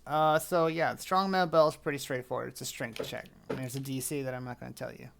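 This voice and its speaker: Gravelly game master man. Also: medium pitch, quick pace, a little hiss or hum. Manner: relaxed, laughing narration with fillers. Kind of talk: narrating a tabletop game.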